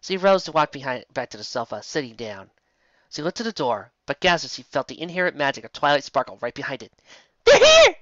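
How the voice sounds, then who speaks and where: A woman reading fan fiction aloud in a lively storybook narration with casual asides. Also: a bass voice, fast talker, no echo. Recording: dull lo-fi dry home recording.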